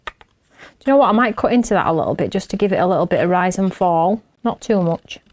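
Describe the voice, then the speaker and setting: A woman's voice: fairly low pitch, expressive, fast talker, a little mellow. A middle-aged woman, chatting and laughing as she hosts a craft show while she works. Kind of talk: casual chat while crafting.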